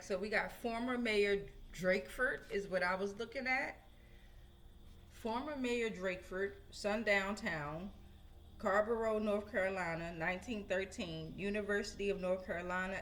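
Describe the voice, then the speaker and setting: A woman's voice: mid-range voice, slight background noise. A woman giving a casual tarot reading, chatting to her viewers and often asking "right?". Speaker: tarot reader.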